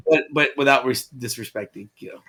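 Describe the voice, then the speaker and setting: A man's voice: medium pitch, a little fast, pushed and bright. A man playing in a tabletop game, talking casually and joking around. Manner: joking, playful. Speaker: player. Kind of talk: casual chat.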